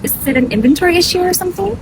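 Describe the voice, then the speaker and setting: A woman comedian playing an odd, overeager young woman who keeps awkwardly introducing herself in a deadpan way. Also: extremely high pitch, racing. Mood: chirpy awkward. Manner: repeats her awkward self-introduction over and over. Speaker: comedian in short video skits. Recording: noisy phone video clip with ambience.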